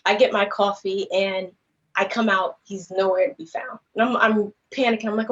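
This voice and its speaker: Here a woman with a mid-range, slightly bright voice speaks at normal speed in a steady tone. She's a podcast guest earnestly recounting something from her own life, wandering off track and leaning on "like" and "you know." It comes through as slightly dull, lo-fi livestream sound.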